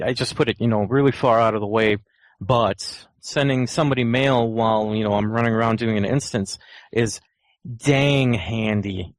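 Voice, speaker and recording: A man's voice: mid-range voice, dry recording. A man co-hosting a gaming podcast, talking in a laid-back, easygoing way. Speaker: podcast co-host. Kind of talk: casual chat.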